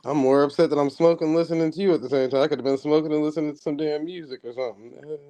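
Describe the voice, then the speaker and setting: A man, sarcastic and dismissive. He mocks people with his own made-up questions and answers. His voice runs a little high for a man. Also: steady tone, very fast, dark tone, no room sound. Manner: sarcastic, mocking rants with mock questions. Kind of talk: casual banter.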